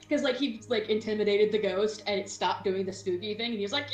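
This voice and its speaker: A woman running a tabletop game as game master in casual chat, animated and playful, often slipping into silly voices. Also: mid-range voice, quick pace, hardly any pauses, roomy sound.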